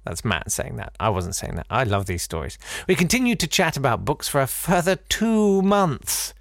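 A man's voice: medium pitch, sing-song, moderate pace, creaky, no room sound, studio quality. A man hosting a podcast who reads a listener's story aloud, breaking off for wry, digressive asides and theatrical readings. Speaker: podcast host.

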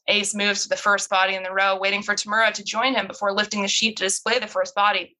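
A young woman reads her own script in a casual, slightly awkward read-through, close to the mic. Her voice is bright and forceful, with a middle pitch. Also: level tone, fast talker, hardly any pauses, poor audio. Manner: awkward, self-interrupting reading with laughs. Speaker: writer reading her script.

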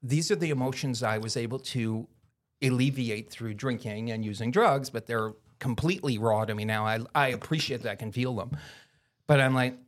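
A man's voice: mid-range voice, moderate pace. A man from Canada, a podcast guest telling a story in casual chat, blunt and profane, and acting out the people he quotes.

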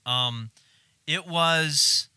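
A man in casual conversation who tells stories animatedly, swears freely and acts out his own shouting. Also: fairly high pitch, extremely slow, clean tone, dry recording, studio quality. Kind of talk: casual chat.

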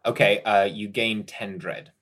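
Low-voiced male game master. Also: steady tone, background noise. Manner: measured descriptive narration with frequent "uh". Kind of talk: narrating a tabletop horror game.

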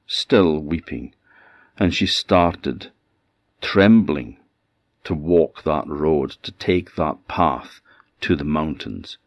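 A man with a Scottish Orkney accent telling a folktale in an expressive, unhurried way. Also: rumbling low, dry recording, muffled recording. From Orkney Islands, Scotland. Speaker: storyteller. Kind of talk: folktale storytelling.

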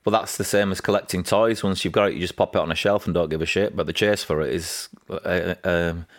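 Yorkshire guy on a podcast, lowish voice, animated storyteller doing little voices for quotes. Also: fairly quick. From England. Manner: animated anecdotes, acting out quotes with raised pitch. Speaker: guest. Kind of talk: casual interview storytelling.

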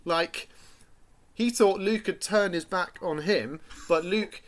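A man's voice: high voice, slow, slight background noise. A man in casual chat, rambling enthusiastically about a film and acting out quotes.

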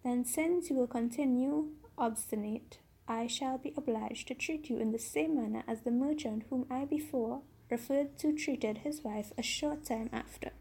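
Brief: woman reading a solemn elderly vizier, husky, dark-toned. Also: a little high, normal speed, hardly any pauses, low-quality recording. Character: grave old male vizier, a father.

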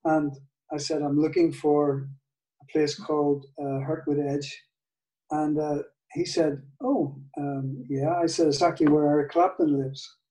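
An older man with a Northern Irish accent, telling a story in an interview, halting, with many restarts and soft laughs. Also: a little high, fairly even intonation, recorded from a distance. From Northern Ireland. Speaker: guitar maker, guest. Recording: echoey room, off-mic.

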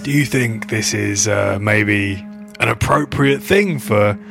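A man's voice: lowish voice, takes it slowly, vocal fry, music in the background. A man playing a tabletop game, joking and chuckling with the group. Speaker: player. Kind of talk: casual tabletop play.

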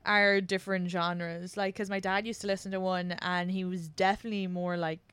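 A woman's voice: on the low side, little pitch movement, brisk, a bit bright, clear, resonant tone, no room sound. A woman hosting a podcast, chatting casually in a rambling, self-deprecating way. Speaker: podcast host.

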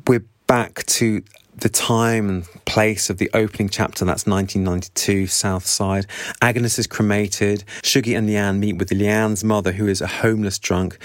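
A man's voice: lowish voice, no room sound. A man summarizing a novel chapter by chapter, with earnest, sympathetic asides. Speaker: book reviewer. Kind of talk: book summary talk.

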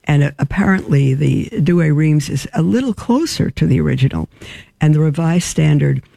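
A gravelly, mellow-toned woman, a religious sister who hosts a talk show, reads out listener emails and responds frankly and earnestly, often pausing as she thinks. Her voice sounds dry and close, with no room echo. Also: deep voice, lively intonation.

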